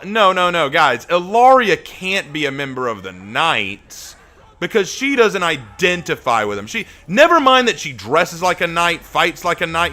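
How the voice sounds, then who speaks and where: Male streamer for a heated live-stream rant: sarcastic, exasperated, fairly high and sharp-edged. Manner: exasperated, sarcastic, repeats points with rising heat. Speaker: game streamer.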